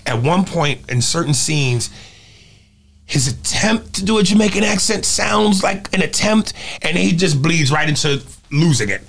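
Man, comedian, raised pitch, animated, casual talk. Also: a little slow, gravelly. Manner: animated storyteller who drops into impressions. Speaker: comedian and impressionist guest. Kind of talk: casual interview chat.

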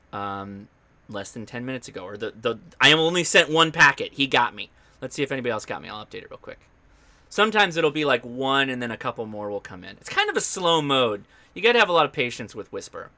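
A man's voice: medium pitch, animated, a little fast, bright, forceful tone. A man hosting a live ham radio stream, explaining his gear in a chatty, upbeat way with loose restarts. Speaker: ham radio show host. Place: home radio station.

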